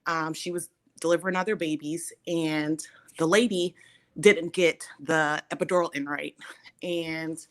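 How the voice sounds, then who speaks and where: A woman hosting a casual chat, telling a personal story in an animated way, acting out the people she quotes and laughing between lines. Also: low voice, measured pace.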